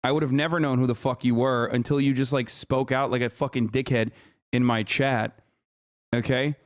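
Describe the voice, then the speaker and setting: A man's voice: mid-range voice, fairly even intonation, moderate pace, dry recording, studio quality. A man in his thirties streaming live, ranting and mocking his chat with lots of profanity, combative and sarcastic. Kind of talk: live stream reaction rant.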